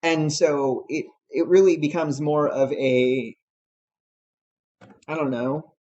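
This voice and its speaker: Hesitant man with a higher voice. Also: fairly even intonation, takes it slowly, a little mellow, muffled recording. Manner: hesitant, thinking aloud with restarts. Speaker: panelist. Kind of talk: casual gaming roundtable chat.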